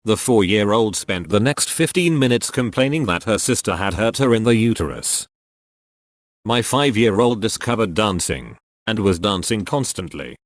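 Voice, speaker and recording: Man, lowish voice, dry close sound, steady matter-of-fact reading of short anecdotes. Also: normal speed, no room sound. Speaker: narrator reading online posts.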